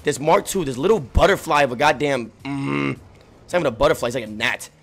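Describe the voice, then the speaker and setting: A young man streaming a game, talking frantically and swearing, swinging from low muttering to yelling, and getting out of breath. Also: quick pace, gravelly, soft background music. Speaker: gaming streamer. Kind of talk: frantic live gameplay commentary.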